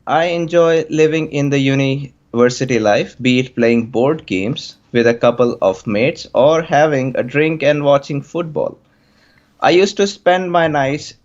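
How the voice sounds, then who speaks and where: A man voicing a young male student with an Indian accent, reading written interview answers slowly and deliberately over a dull lo-fi mic. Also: medium pitch, lightly acted.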